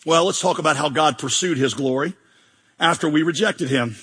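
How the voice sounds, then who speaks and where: A man delivers a lively sermon with a bright, high voice that carries a husky edge. He jokes and acts out mock prayers. His voice rings through a large church hall with a long reverb. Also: normal speed. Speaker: pastor.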